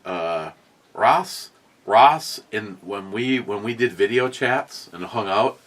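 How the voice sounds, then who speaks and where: A man with a lowish voice hosting a casual beer review chat. He rambles through stories in a loose, profane way, and his voice gets animated as he goes. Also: slow pace. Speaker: beer review podcast host.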